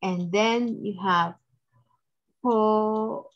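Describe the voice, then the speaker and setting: Halting woman student, dull audio. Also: medium pitch. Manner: halting, hesitant reading.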